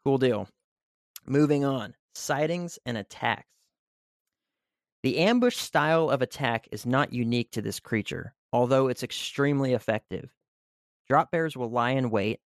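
A man's voice: mid-range voice, normal speed, no room sound, clean studio sound. A man hosting a casual podcast who reads a written segment aloud and then riffs on it loosely, with lots of "you know" fillers. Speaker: podcast host.

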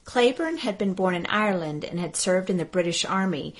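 A woman from Arkansas reading scripted historical narration in a steady, even storytelling manner. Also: fairly low pitch, fairly quick.

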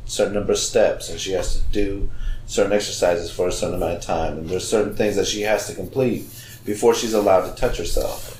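A man co-hosting a podcast, joking crudely and explaining things in a relaxed, casual way. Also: deep voice, fairly quick. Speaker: podcast co-host. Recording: roomy echo with faint noise.

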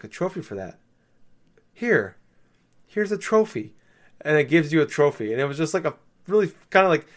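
A man in casual chat, rambling with many fillers, swearing and laughing as he recounts playing a game. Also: medium pitch.

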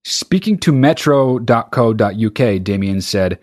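A man's voice: lowish voice, expressive, measured pace, few pauses, a little mellow. A man hosting a comedy commentary show, reading a news article aloud and reacting with sarcastic, profane disbelief. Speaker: show host.

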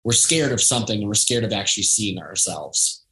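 A man's voice: fairly low pitch, lively intonation, fairly quick, pushed and bright, rough recording. A man in his thirties, a podcast guest, telling a personal story in a reflective, casual way. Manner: reflective, storytelling, acts out quoted voices. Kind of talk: casual conversation.

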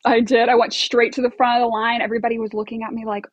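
A chatty woman tells her story as an interview guest, full of fillers and little laughs. Her voice sits a little high. The recording is dull and dry, with no room sound. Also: level tone, quick pace, gravelly, few pauses, dry recording. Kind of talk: casual storytelling.

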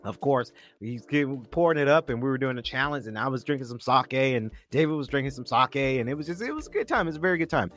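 Excitable man hosting a casual podcast. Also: mid-range voice, fast talker, hardly any pauses, faint music behind. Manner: excitable, restarts often. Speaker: podcast host.

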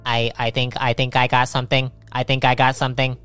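A man voicing an eager companion character in a tabletop game, talking excitedly and stammering. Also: medium pitch, fairly quick, soft background music, pitched above the performer's own voice, close to an everyday voice. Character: eager companion searching with a device.

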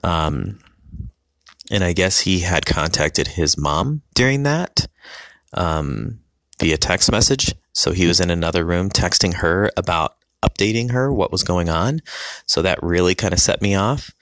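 A man casually telling a personal story about his family, halting with many ums and restarts. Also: sits low, lively intonation, a bit bright, no room sound.

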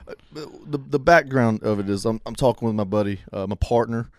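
A man co-hosts a podcast in a laid-back, drawling way, often pausing on filler sounds. His voice sits fairly low, and the recording is dry and close. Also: dry recording. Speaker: podcast co-host. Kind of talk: casual chat.

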